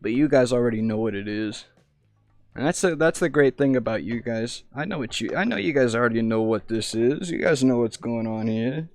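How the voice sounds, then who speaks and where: A man's voice: mid-range voice, lively intonation, a little fast, darkish tone, no room sound, faint music behind. A young American man rambling through stories in casual live-stream chat, often breaking off mid-sentence. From United States. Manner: rambling, self-interrupting storyteller.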